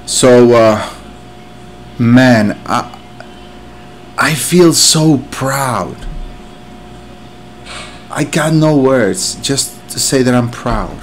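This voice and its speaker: A man's voice: mid-range voice, extremely slow, long pauses, slight background noise. A man with a Mexican accent, a native Spanish speaker, hosting an album reaction and gushing with emotion. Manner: effusive, exclamatory, overcome with emotion. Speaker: music reaction video host. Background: the song playing faintly.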